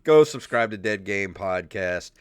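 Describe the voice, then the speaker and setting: A man's voice: fairly low pitch, expressive, a little slow, a little hiss or hum. A man co-hosting a podcast in casual chat, laid-back and self-mocking, with some swearing. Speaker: podcast co-host.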